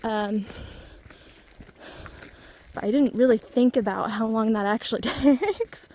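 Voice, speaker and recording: A woman's voice: a little high, slow, a little mellow, slight background noise. Breathless woman rambling on a trail. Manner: rambling, self-deprecating, chatty. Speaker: vlogger. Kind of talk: casual vlog chat while hiking. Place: outdoors on a mountain trail.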